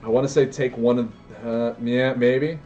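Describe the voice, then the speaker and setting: A man commentating his own card game live, excitable and prone to yelling and tangents. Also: medium pitch, moderate pace, muffled recording, faint music behind. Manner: excitable, yells in bursts, goes on tangents.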